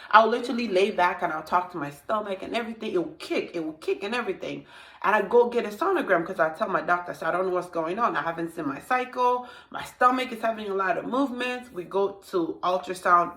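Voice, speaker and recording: An earnest young woman telling her faith story in a confiding, heartfelt way, often circling back to repeat a phrase. Her voice sits a little low for a woman. The recording is echoey, with the room ringing around her. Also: expressive, moderate pace, fairly bright tone. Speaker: testimony vlogger. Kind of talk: personal faith testimony, casual.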